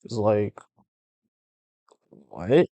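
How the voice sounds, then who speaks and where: A man hosting a podcast, chatting casually and profanely in slangy, animated rants. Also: lowish voice, extremely slow, no echo. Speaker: podcast host. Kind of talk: casual comic book review podcast.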